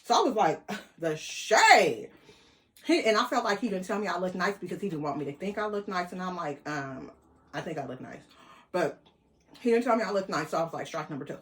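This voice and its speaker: Animated woman telling a story. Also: on the low side, quick pace. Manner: animated, quotes people in voices, laughs. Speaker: vlogger. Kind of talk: casual storytelling.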